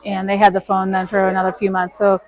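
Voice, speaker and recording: A woman speaks quickly and keeps her pitch flat and steady. She is a guest telling her own story with force, and she quotes herself and everyone else as she goes. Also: a crowd in the background, low-quality recording. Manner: emphatic, quotes herself and others in dialogue. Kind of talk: storytelling in an interview.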